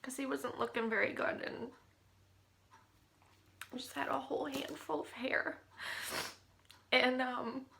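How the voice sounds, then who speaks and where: She speaks into the camera about tending her sick husband, her high voice bright with a gravelly edge. Overcome with feeling, she keeps slipping into something close to a whisper.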